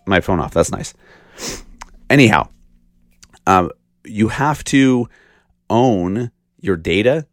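Blunt deep-voiced man ranting on a podcast. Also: no room sound, clean studio sound. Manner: blunt, ranting, rhetorical questions, swears. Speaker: podcast host. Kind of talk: casual solo podcast monologue.

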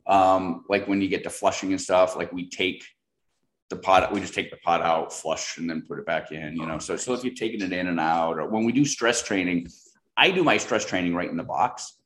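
Deep-voiced rambling man, roomy echo. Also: fairly quick, a bit bright. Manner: rambling, many fillers and restarts. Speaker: guest product expert. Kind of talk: casual interview chat.

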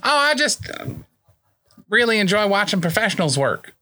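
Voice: mid-range voice, sing-song, moderate pace, noisy background, natural voice. A tabletop player voicing a tall, cheeky male rogue in a breezy, playful manner.

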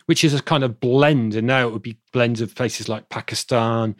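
A man's voice: medium pitch, fairly even intonation, normal speed, no echo, clean studio sound. A man from southern England with a southern English accent, answering interview questions at length as an expert guest, often restarting his sentences. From Bristol, England. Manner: rambling, self-correcting explainer.

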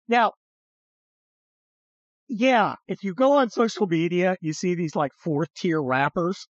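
A man's voice: high voice, lively intonation, a little slow, no room sound, highs cut off. A man hosting a podcast, chatting bluntly and sarcastically about politics and swearing now and then. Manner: sarcastic, blunt, swears, slips into mocking voices. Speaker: podcast host. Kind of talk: casual political chat.

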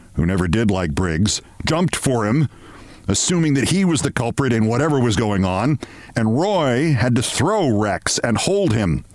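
A man's voice: medium pitch, a little mellow, no room sound. Man reading a story with theatrical flair. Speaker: host. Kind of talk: reading a comic story aloud. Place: studio.

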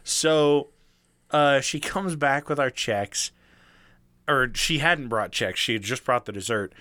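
A young man telling a story in casual chat, animated, swearing freely and acting out the people he quotes. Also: mid-range voice, slow pace, no echo.

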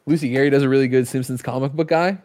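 A man's voice: medium pitch, steady tone, racing, darkish tone. A man hosting a casual gaming news show, rattling off release lists with joking asides. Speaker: show host. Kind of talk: casual chat and news roundup.

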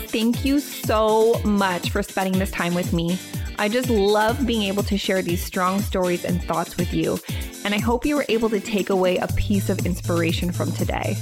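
A woman podcast host reading an outro in an upbeat, encouraging way. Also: medium pitch. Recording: music playing behind.

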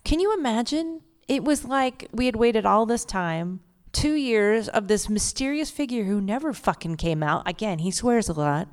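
A fairly high-pitched woman with lively intonation speaks at a normal pace as co-host of a live-audience comedy podcast. She keeps the talk casual and foul-mouthed, often putting on silly voices.

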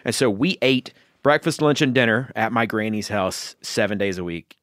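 A man's voice: fairly low pitch, moderate pace, fairly bright tone, no echo, clean studio sound. A man, a chef chatting as a podcast guest, rambling through long explanations full of fillers. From Southern United States. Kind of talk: casual conversation.

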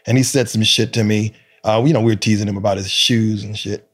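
A man's voice: fairly low pitch, fairly quick, slightly rough. A middle-aged man telling funny stories in casual chat as a podcast co-host, acting out what people said. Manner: animated storyteller who acts out quotes.

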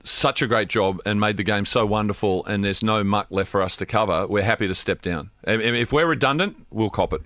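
A man's voice: on the low side, a little fast, few pauses, a bit bright, dry recording, studio quality. A man co-hosting a podcast in casual chat, telling stories with wry exasperation. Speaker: podcast co-host.

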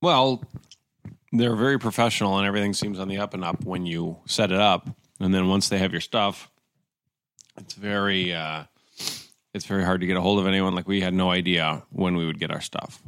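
A man telling a long story in a casual podcast chat, animated, acting out other people's lines in raised voices. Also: low-pitched, fairly quick, clean tone, dry recording, clean studio sound.

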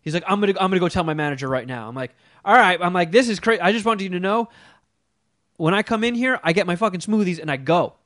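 A man co-hosting a talk show, telling a profane story in a casual, animated way and mimicking the people in it. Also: high-pitched, quick pace, dry recording, clean studio sound.

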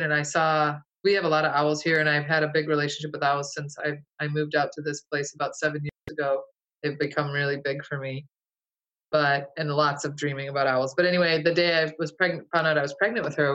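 A woman's voice: sits low, fairly bright tone, rough recording. A woman recounting a vivid dream to an interviewer in a casual, rambling way, full of fillers and restarts. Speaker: guest. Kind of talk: casual storytelling.

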